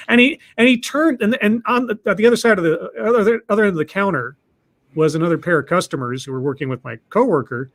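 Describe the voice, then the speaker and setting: A man with a somewhat high voice tells a long story in a loose, casual way. He doubles back on his words, restarting phrases as he goes. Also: animated, fast talker. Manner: rambling, with many restarts and repeated words. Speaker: podcast host telling a story.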